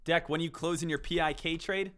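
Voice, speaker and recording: A man's voice: on the high side, fairly even intonation, fairly quick, fairly bright tone. A man hosting a live trading stream, chatting casually and answering his viewers, often repeating the word "again.".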